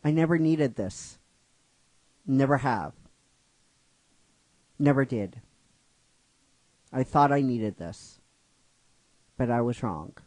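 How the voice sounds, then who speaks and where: A man voicing an earnest young male trainer, talking quietly and sincerely in a halting way. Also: medium pitch, lively intonation, no room sound, rough recording. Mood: reflective.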